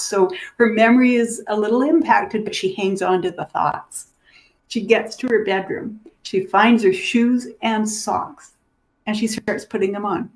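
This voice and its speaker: Woman dementia educator, lively storyteller, voices the people she describes. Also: medium pitch, moderate pace. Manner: animated, acts out the people in her stories. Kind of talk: teaching through stories.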